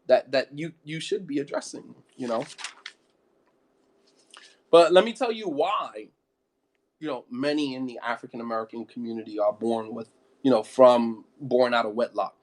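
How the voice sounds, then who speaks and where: A man's voice: medium pitch, normal speed, long pauses. A man giving an impassioned sermon, firing off rhetorical questions and repeating phrases for emphasis. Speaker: preacher.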